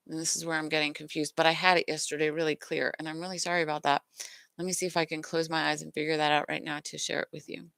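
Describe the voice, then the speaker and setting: A woman speaks as the host of a healing talk, working through her ideas aloud in an earnest, searching way. Her voice sits a little low but sounds bright and forward. The recording is close and dry. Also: no room sound. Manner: earnest, searching, stops to apologize and regroup. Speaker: host, emotional healing teacher. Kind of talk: unscripted teaching monologue.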